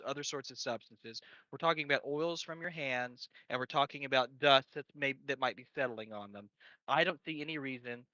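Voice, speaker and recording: A man's voice: a little high, bright, forceful tone, dry recording. A man explaining electronics cleaning in casual chat, rambling with frequent restarts and crude jokes, on a dull lo-fi recording. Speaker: electronics repair guest. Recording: dry, dull lo-fi sound.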